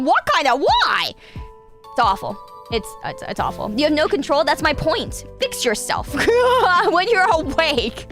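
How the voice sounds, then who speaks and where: Lively high-voiced woman chatting. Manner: animated, laughing, swearing freely. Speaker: radio show host, VTuber. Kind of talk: casual chat storytelling.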